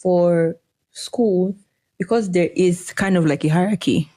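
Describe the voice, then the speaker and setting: A woman's voice: lowish voice, a little slow. A young Nigerian woman co-hosting a podcast in casual chat, laughing often and acting out the people she quotes. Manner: laughing, animated storyteller who acts out quotes. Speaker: podcast co-host.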